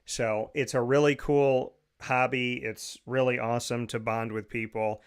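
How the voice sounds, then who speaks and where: In a studio, a man hosts his own radio and podcast show, rattling off plugs and lists with upbeat enthusiasm. His mid-range voice is clean in tone, with a flat delivery and a measured pace.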